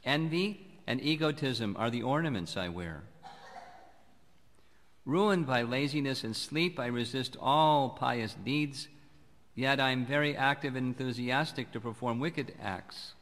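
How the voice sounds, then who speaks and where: A man giving a sermon as a spiritual teacher, speaking in a calm, measured, reflective way. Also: medium pitch. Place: temple hall. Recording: long hall reverb.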